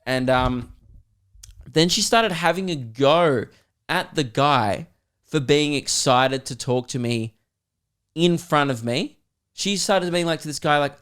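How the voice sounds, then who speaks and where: Swearing Australian comedian telling a story. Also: male voice, on the high side, normal speed. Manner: animated, swearing, rambling. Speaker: comedian and podcast host. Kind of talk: casual storytelling.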